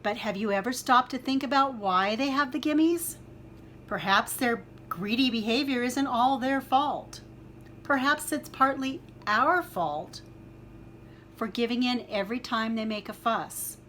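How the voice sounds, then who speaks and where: A woman voicing a calm, sensible mother bear who speaks in a measured way in a storybook. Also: fairly high pitch, a little hiss or hum.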